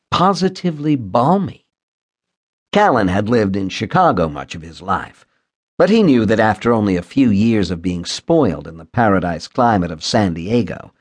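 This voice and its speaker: A man reading a thriller audiobook in a steady, measured storytelling manner. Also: lowish voice. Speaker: audiobook narrator. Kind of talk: scripted thriller narration.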